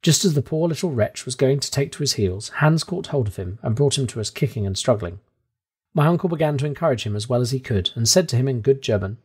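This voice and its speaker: A male audiobook narrator reading a classic adventure story in the first person. He gives the text lively, dramatic expression, and his pitch moves a great deal. His voice has a husky edge. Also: brisk.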